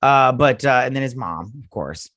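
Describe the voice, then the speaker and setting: A man's voice: medium pitch, expressive, moderate pace, fairly bright tone. A man hosting a casual episode review, recapping scenes in a sarcastic, exasperated ramble full of fillers. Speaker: TV show reviewer and host.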